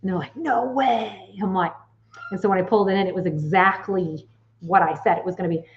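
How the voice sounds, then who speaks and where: Woman, late 40s, psychic medium host; casual, animated storyteller who swears; dull lo-fi audio. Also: fairly low pitch, fast, background noise. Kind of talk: casual chat to viewers.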